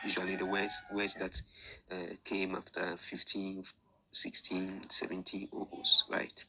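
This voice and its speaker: Low gravelly man teaching a lesson. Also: sharp tone, a little hiss or hum, low-quality recording. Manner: patient, repetitive, thinking aloud with fillers. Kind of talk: screen-share lesson explanation.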